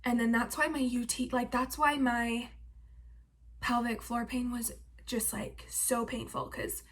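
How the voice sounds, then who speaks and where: Chatty young woman vlogger, slightly high voice. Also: level tone, unhurried, a bit bright. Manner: chatty, filler-heavy with frequent "like" and "um". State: heavily pregnant. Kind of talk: casual pregnancy update.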